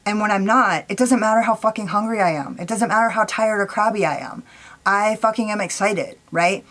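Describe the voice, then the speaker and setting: Woman ranting on her makeup vlog, swears a lot, very blunt, rattles off her outro fast. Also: mid-range voice, fairly bright tone. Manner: blunt, profane, opinionated; speeds up for a quick sign-off. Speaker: makeup vlogger. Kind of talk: casual vlog rant.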